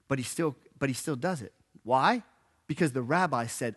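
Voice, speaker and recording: A man's voice: mid-range voice, moderate pace, husky. A man preaching a sermon in church, telling the story casually and playfully, with a joke now and then. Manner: animated storytelling, acting out quotes; casual and joking. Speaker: pastor.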